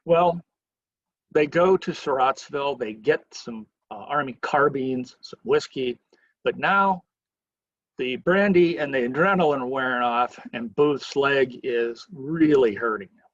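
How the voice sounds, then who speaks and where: Guy with a kinda husky voice telling history like a story, dry dull muffled sound. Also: medium pitch, measured pace, no room sound. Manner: lively storyteller who acts out quoted lines. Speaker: museum educator giving a history lecture.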